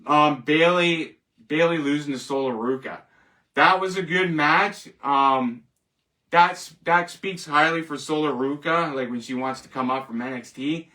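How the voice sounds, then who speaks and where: Jokey man host, bright voice, distant mic. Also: a little high, unhurried. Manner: jokey and rambling, laughs at his own jokes. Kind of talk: casual solo wrestling commentary.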